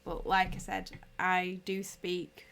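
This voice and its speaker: A woman's voice: lowish voice, monotone, takes it slowly, vocal fry, fairly bright tone. A woman from England with a strong regional English accent, chatting casually through a knitting tutorial and laughing easily. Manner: chatty, laughs easily, answers chat as she knits.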